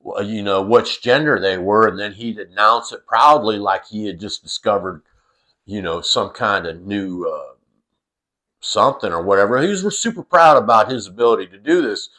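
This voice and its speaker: Low-voiced rambling man. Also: normal speed, pushed and bright. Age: middle-aged. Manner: rambling, full of fillers and restarts, salty. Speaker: storyteller. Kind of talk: casual storytelling.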